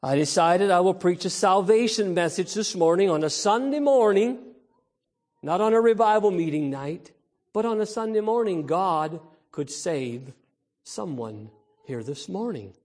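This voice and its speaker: Speaking to the children at Sunday service, this pastor has a high, animated, darkish voice and doesn't rush. His emphatic storytelling includes imitated baby cries and calls out to the congregation.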